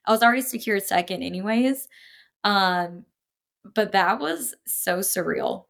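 A young woman chats as a podcast guest, telling her stories with lively energy. She laughs often and slips into the voices of people she quotes. Her pitch sits in an ordinary middle range. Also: measured pace, gravelly. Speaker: podcast guest, powerlifter and coach. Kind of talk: casual storytelling chat.

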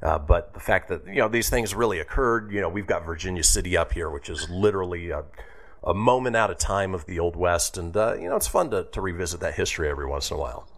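A man's voice: low voice, fast. A male radio host in casual banter, reading a history segment with joking asides. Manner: lively, reads history segment with quips.

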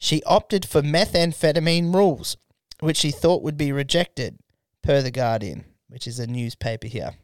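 A man's voice: on the high side, moderate pace, no echo. A young Australian man, a podcast co-host, in crude comedy banter, swearing often and laughing between lines.

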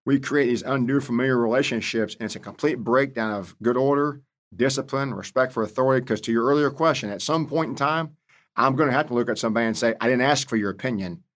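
A man's voice: medium pitch, fast. A man in his fifties, a senior Marine leader interviewed as a guest, telling stories bluntly with salty words. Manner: animated storyteller, blunt and salty. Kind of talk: storytelling interview.

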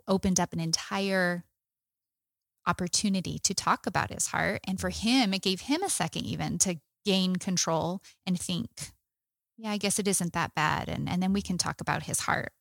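Soft-spoken woman with a lower voice. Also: gravelly, dry recording, clean studio sound. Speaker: co-host of a Christian parenting podcast. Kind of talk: casual conversation with her husband.

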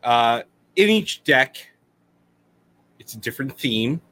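A man's voice: mid-range voice, very animated, slow pace, a bit bright. A man co-hosting a podcast in casual chat, playful and drawing out words for emphasis. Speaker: podcast co-host.

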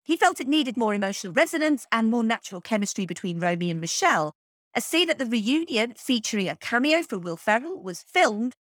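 Podcast host, woman, somewhat high voice, scripted narration with chatty opinionated asides, dry close-mic sound. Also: a bit bright, dry recording.

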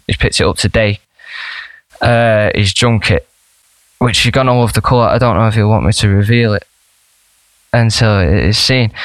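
A man's voice: medium pitch, a bit bright, clear, resonant tone, no echo. A man, a musician guest in a casual interview, rambling with lots of restarts and "you know".

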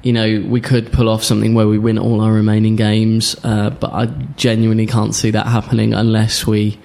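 Gravelly laid-back man on a podcast. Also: fairly low pitch, monotone, fairly quick, a little mellow. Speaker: podcast co-host. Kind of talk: casual podcast chat.

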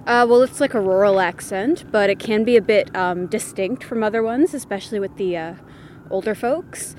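A woman's voice: medium pitch, moderate pace, darkish tone, slight background noise. Young woman answering a street interview. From Bay d'Espoir, Newfoundland. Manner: hesitant, thoughtful, lots of fillers.

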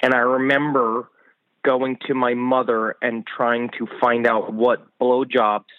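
A man calling in as a podcast guest, riffing loudly with profane, rambling comic bits. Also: mid-range voice, little pitch movement, a little slow, no echo, phone-quality sound. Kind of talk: casual chat. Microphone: remote line.

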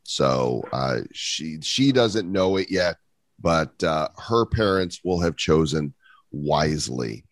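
A man's voice: extremely low pitch, expressive, slow, dry recording. A middle-aged man hosting a podcast interview, jovial and teasing in casual chat. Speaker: podcast host.

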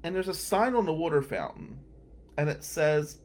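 Animated man telling wry stories. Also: a little high, normal speed. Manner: wry, incredulous anecdotes. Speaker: podcast host and lawyer. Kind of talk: storytelling monologue.

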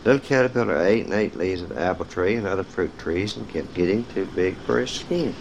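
Low-voiced man reading picture books aloud. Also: expressive, fairly quick, gravelly, muffled recording, background noise. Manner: speaks directly to young listeners, cueing page turns. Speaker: storyteller. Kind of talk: reading children's stories aloud.

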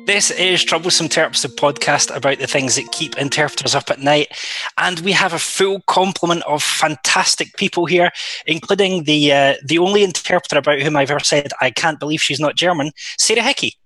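A man's voice: fairly high pitch, brisk, pushed and bright, dry recording. A man hosting a podcast in casual chat over a video call, joking and self-deprecating. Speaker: podcast host.

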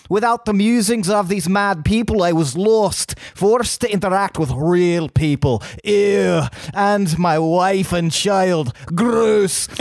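A rowdy, mock-dramatic fan with a thick Scottish accent, put on by a man, who swears freely as he reads. The voice sits a little high for a man. The sound is close and dry. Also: no room sound. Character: boisterous male fan reading his review. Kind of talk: reading aloud in a put-on accent.

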